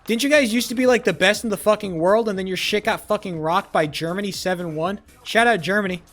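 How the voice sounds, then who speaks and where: A young man streaming live, swearing freely and mocking his viewers in loud, rowdy banter. His voice sits slightly high for a man. Faint music plays under his talk. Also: brisk. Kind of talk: casual live-stream chat.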